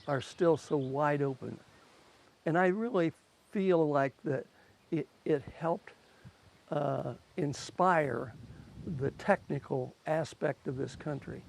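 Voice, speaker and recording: Slow, gravelly older man. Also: fairly high pitch, a little mellow, slight background noise. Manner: halting, with fillers and restarts. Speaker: interviewee, brother of a famous astronaut. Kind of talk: reflective interview.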